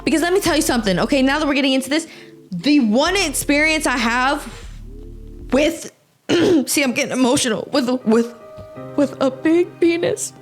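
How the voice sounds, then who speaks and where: A young American woman hosting a podcast, reading posts aloud and reacting in an animated, exaggerated, swearing rant. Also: high voice, normal speed, faint music behind. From United States. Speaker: podcast host.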